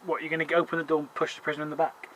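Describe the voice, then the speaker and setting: A man in casual chat, quick and agreeable, often affirming. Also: fairly high pitch, little pitch movement, fairly bright tone, low-quality recording. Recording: faint background noise.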